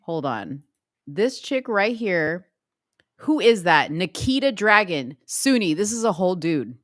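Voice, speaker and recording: A woman co-hosting a casual livestream chat show, reacting to videos with loud exclamations and low mutters. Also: very animated, measured pace, dry recording, clean studio sound. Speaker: co-host.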